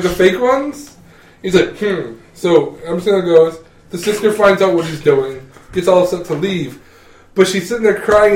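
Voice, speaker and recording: A man in casual chat, animatedly recapping a comedy film and laughing as he goes. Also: high-pitched. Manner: animated, laughs through his retelling. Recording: roomy sound from a distant mic.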